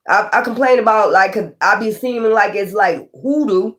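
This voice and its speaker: A woman tarot reader ranting casually to her viewers, profane, animated and exasperated. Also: medium pitch, a little fast, hardly any pauses.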